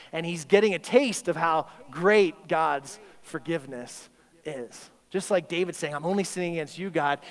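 A man preaching a sermon at a school chapel service, emphatic, with rhetorical questions and acted-out inner voices. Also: fairly high pitch. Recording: long hall reverb.

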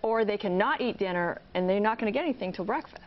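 A woman's voice: medium pitch, animated, fast talker, slight background noise. A woman guest and mother on a TV talk show, sharing how she handles her kids in a matter-of-fact way. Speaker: parent guest. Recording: slightly dull TV audio.

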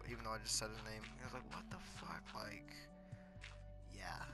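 A teenage boy telling crude stories in casual, rambling talk full of fillers and swearing, over faint music. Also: mid-range voice. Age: teens. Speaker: storyteller.

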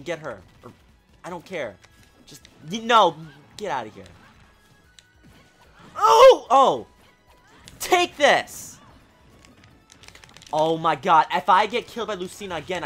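Excitable man yelling over gameplay. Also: sits high. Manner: excitable, exasperated, bursts into shouts. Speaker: gaming video creator. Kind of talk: live gameplay commentary.

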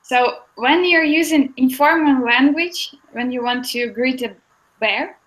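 A woman's voice: high-pitched, a little slow, a bit bright, poor audio. A woman teaching an online language lesson, patient and encouraging with her students.

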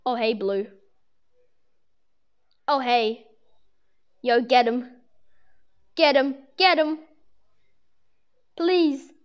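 A woman giving casual commentary over her own gameplay, excitable, yelping and trash-talking playfully. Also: fairly high pitch, clean tone. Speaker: gamer commentating own play. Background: children's music playing.

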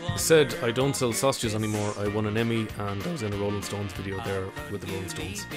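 A man playing a defensive young actor who talks fast and wryly in a comedy sketch. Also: fairly low pitch, over music, close to an everyday voice. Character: touchy young Irish actor, quick and defensive.

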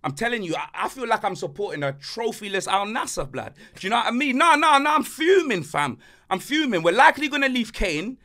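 Guy hosting a banter pod, ranting hard in slang, high voice that jumps all over. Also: a little fast. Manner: animated, slang-heavy ranting. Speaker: podcast host. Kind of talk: casual banter podcast rant.

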